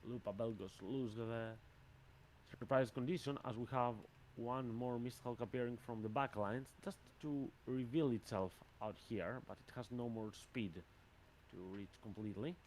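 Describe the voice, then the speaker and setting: A man's voice: medium pitch, moderate pace, a little mellow. A man runs a tabletop game session, describing combat in a mid-range voice with frequent hesitations. A faint background hum sits under his speech. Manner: hesitant, many fillers. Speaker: game master.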